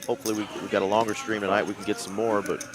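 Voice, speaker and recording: A man commentating a live poker stream in a relaxed, chatty way. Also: on the low side, rapid-fire, crowd noise. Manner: relaxed, conversational, chatty asides.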